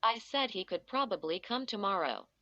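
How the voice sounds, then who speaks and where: Caring, brisk mom, voiced by a woman reader; bright voice, lo-fi dry recording. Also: medium pitch, lively intonation, no echo. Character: cheerful, caring mother.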